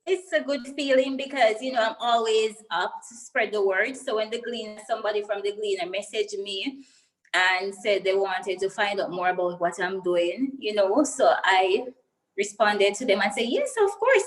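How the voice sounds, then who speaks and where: A woman's voice: medium pitch, moderate pace, low-quality recording. A young woman with a Jamaican accent, a guest in an interview, earnestly telling her personal story and getting emotional as she goes.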